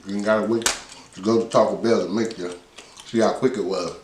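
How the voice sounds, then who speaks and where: A man's voice: on the low side, steady tone, brisk, roomy sound, distant mic, background noise. A man hosting a casual cooking vlog in his home kitchen, chatty, talking while he tastes his food. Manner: chatty, talks with mouth full while tasting. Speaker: cooking channel host.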